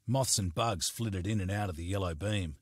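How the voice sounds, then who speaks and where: A man narrating a crime novel as an audiobook in a steady, measured storytelling manner, recorded on a close studio mic. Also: sits low, slightly rough, no echo.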